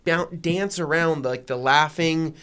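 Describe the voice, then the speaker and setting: Animated, slightly high male storyteller. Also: unhurried, a crowd in the background. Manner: animated storyteller, many restarts. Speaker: podcast co-host. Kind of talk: casual chat, anecdote.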